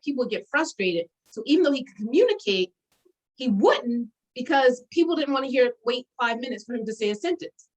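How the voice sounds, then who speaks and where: A forties-aged woman, appearing as a guest, chats casually about the old days in a mid-range voice. Animated and quick to laugh, she fills her speech with fillers, and the sound quality is poor.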